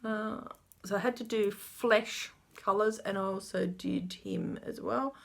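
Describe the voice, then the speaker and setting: A woman's voice: mid-range voice, a little slow, creaky. A woman casually showing her cross-stitch projects in a chatty, rambling way that keeps correcting itself. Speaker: flosstube host.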